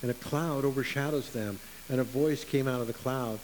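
A man preaching a sermon in an earnest way, slowing down to stress key words. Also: medium pitch, low-quality recording. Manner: earnest, with slow emphatic stresses. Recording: faint hiss.

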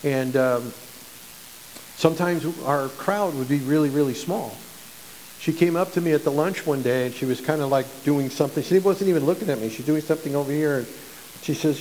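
A man's voice: fairly high pitch, a little fast, a little mellow, a little hiss or hum. Man preaching in an echoey church. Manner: conversational, repeats words, stammers on restarts. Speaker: pastor. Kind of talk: sermon.

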